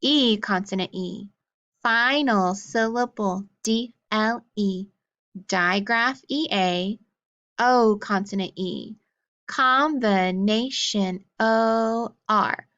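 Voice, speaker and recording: A woman teacher runs a phonics drill, calling out sounds and spelling them letter by letter. She speaks at a very slow, deliberate pace. The recording sounds dull and lo-fi. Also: on the high side, a bit bright.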